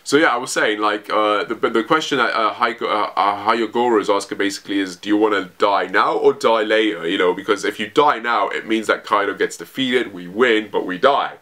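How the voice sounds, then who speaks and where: A man with a fairly low voice talks through a comic chapter in a loose, casual way. He rambles, restarts his sentences and leans on fillers. He speaks straight to his camera. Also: fairly quick, hardly any pauses, sharp tone. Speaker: manga reviewer.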